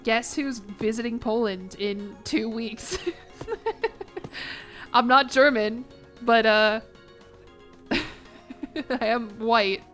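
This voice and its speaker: Young American woman, congested, chatty and rambling with restarts; sharp, slightly high voice. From United States. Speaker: streamer. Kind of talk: casual gaming stream chat.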